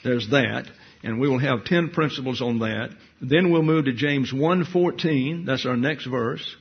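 Gravelly man teaching a Bible lecture. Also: mid-range voice, measured pace. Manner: digressive, wry asides, thinking aloud with fillers. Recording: dull lo-fi lecture recording.

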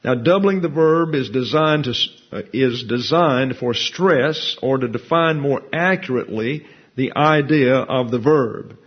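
Male Bible teacher, mid-pitched and a bit raspy, methodical lecture delivery; muffled low-fidelity recording. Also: measured pace. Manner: methodical, explains Hebrew grammar terms step by step; reads scripture and quotes from grammar books. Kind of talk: expository Bible lesson. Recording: dull lo-fi recording.

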